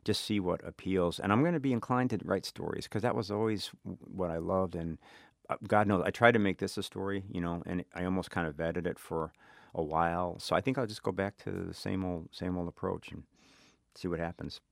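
A middle-aged man with a South Side Chicago accent and a very low voice speaks reflectively as an interview guest. He pauses and restarts his sentences as he thinks. The recording is dry and close. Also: vocal fry, no echo. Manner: thoughtful, halting, many restarts. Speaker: author guest.

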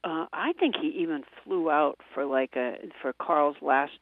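A woman's voice: low-pitched, normal speed, dry recording. A middle-aged woman comedian telling rambling, self-deprecating stories in a radio interview. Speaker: comedian and quiz show panelist. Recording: tinny phone line.

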